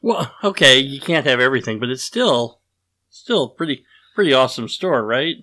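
A man's voice: medium pitch, animated, normal speed, bright, forceful tone. Male podcast host, casual and rambling, self-deprecating. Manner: rambling, self-deprecating, lots of fillers and restarts.

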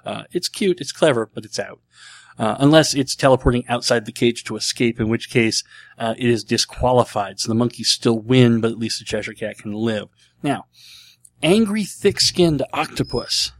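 A young man hosting his podcast in a casual, jokey, self-mocking way, full of quick asides. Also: medium pitch, no room sound. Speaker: podcast host.

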